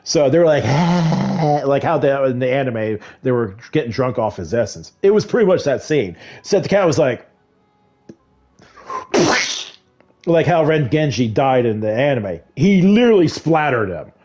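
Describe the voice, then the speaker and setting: A man's voice: medium pitch, very animated, a little mellow, a little hiss or hum. A man recapping a show in casual rambling talk, chuckling often and briefly voicing the characters he quotes. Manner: rambling, chuckles often, retells scenes with quick quoted voices. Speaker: gaming vlogger.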